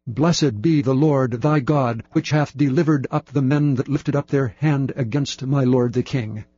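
A man's voice: medium pitch, a little slow, dark tone, no echo, highs cut off, close to an everyday voice. A man reading as an eager young runner, earnest and deferential before the king. Dry, close recording. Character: eager young male runner bringing news.

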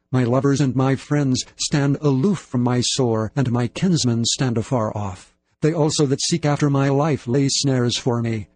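A man giving a measured, solemn scripted reading of Bible passages. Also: medium pitch, darkish tone, no room sound. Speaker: scripture reader.

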